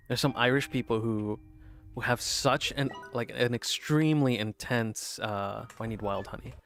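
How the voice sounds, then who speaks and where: Guy rambling while he plays a game, mid pitch, lots of restarts, faint game music behind. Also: gravelly, a bit bright. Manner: rambling, many restarts and fillers, laughs often. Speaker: gaming streamer. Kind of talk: casual chat while playing a game.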